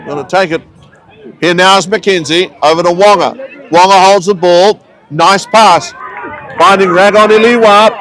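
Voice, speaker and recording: A man giving relaxed, chatty live commentary on a local rugby match, with friendly asides between the plays. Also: sits high, measured pace, some chatter behind, poor audio. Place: outdoors at a rugby ground.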